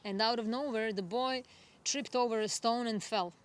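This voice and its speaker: A woman astrologer giving a spiritual forecast monologue, gentle and reflective, unhurried and earnest. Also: on the high side. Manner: gentle, reflective, soft laughs.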